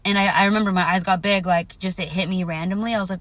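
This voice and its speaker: A woman's voice: on the low side, fairly even intonation, quick pace, a bit bright, dry recording. A woman vlogger telling a personal story in a casual, earnest way, repeating phrases for emphasis and affirming her viewers directly. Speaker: spiritual vlogger.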